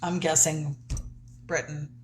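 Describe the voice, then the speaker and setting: A woman's voice: deep voice, level tone, slow pace. A middle-aged woman with a New Jersey accent, co-hosting a live stream, giggling and reading out viewer comments. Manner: giggly, reads comments aloud. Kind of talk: casual live-stream banter.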